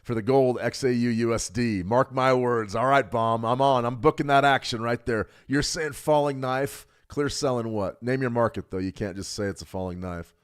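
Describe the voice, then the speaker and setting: A middle-aged man hosting a live trading stream, talking fast and joking with viewers while he reads the chat. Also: mid-range voice, clean tone. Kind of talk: live market analysis, reading chat.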